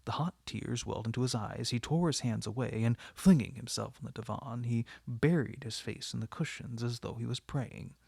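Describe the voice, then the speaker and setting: A man narrating a classic novel as an audiobook in a measured, dramatic manner. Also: medium pitch, gravelly, warm tone, breathy edge, no room sound, clean studio sound. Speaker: audiobook reader.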